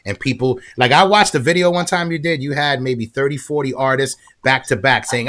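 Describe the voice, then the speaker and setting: An energetic male podcast host chatting casually and hyping up his guest. His voice sits at an ordinary middle pitch, and he tends to repeat words as he builds up a point. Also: moderate pace, hardly any pauses. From Florida.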